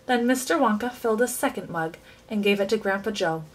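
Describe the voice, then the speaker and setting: A woman reading a children's book aloud with expressive, animated storytelling. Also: mid-range voice, a little fast, low-quality recording. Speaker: reader.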